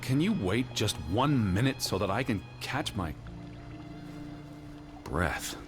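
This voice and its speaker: An actor playing a cold, pedantic middle-aged gentleman scholar who speaks in a dry, dismissive, precise way. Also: on the low side, lively intonation, slow. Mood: cool. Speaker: game character. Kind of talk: game voice acting. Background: game music.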